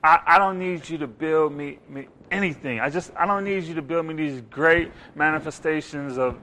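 A man delivers a sermon with a high, bright, ringing voice. He is animated, slipping into little acted-out voices and rising loud to hit his points. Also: normal speed. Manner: animated, acts out voices, rises loud for emphasis. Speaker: preacher.

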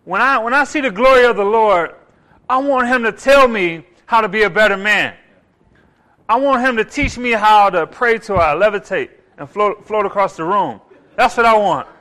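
A man delivers a sermon with a high, bright, ringing voice. He is animated, slipping into little acted-out voices and rising loud to hit his points. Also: moderate pace. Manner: animated, acts out voices, rises loud for emphasis. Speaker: preacher.

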